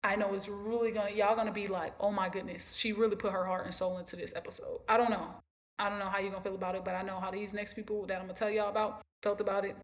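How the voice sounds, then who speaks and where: Talking fast in a medium-pitched, level voice, a young woman hosts a podcast. Her long, casual story is rambling, emotional, and full of repetition.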